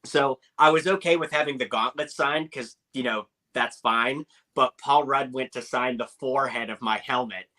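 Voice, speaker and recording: A young man telling animated anecdotes as a podcast guest, with lots of filler words. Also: medium pitch, moderate pace, hardly any pauses, rough recording. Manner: animated storyteller, many "like" fillers.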